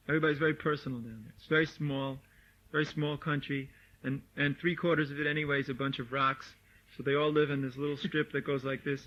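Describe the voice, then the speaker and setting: A man giving a lively, informal lecture to devotees, mimicking people and laughing as he talks, recorded on an old tape. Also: fairly high pitch. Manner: animated, mimics voices, laughs often. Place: meditation hall or farmhouse room. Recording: dull lo-fi 1979 tape recording.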